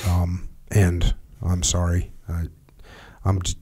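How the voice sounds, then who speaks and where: Slow, measured male podcast host. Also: completely flat delivery, dark tone, slightly rough. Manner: measured and emphatic, low-key and rambling in chat. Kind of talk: slow dramatic reading, then reflective talk.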